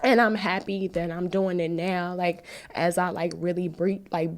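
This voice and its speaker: A woman's voice: fairly low pitch, fairly even intonation, normal speed. A woman in her thirties hosting a podcast, talking candidly and at length about her own path, speaking into a phone. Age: 30s. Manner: candid, rambling, tearful at times. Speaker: podcast host. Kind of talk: emotional personal testimony on a live stream.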